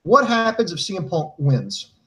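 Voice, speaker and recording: Male co-host, slightly high voice, newsy and conversational, feeds questions. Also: big pitch swings, moderate pace, bright, forceful tone. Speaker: podcast co-host. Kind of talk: casual wrestling chat.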